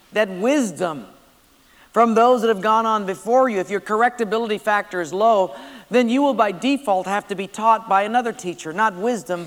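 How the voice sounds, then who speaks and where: A man's voice: sits high, fairly bright tone. A man preaching a sermon, telling stories and driving his points home emphatically. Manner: storytelling, emphatic. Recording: long hall reverb.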